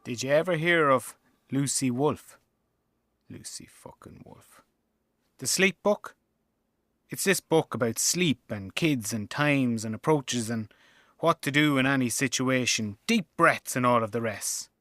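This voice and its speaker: A man's voice: medium pitch, measured pace, fairly bright tone, dry recording, clean studio sound, close to an everyday voice. A man playing an exasperated young Irish dad. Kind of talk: theatrical monologue.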